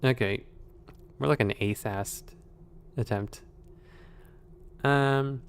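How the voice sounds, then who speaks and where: A man with a smooth, mid-range voice speaks at a slow pace while playing a stealth video game. He thinks aloud in casual let's-play commentary, dropping wry, sarcastic asides.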